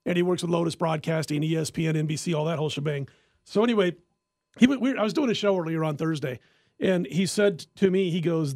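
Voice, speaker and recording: A high-pitched man telling a lively story on a sports-betting podcast, laughing as he goes. The sound is dry and close, with no echo. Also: quick pace. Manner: animated storyteller who laughs often. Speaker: podcast host and sports handicapper.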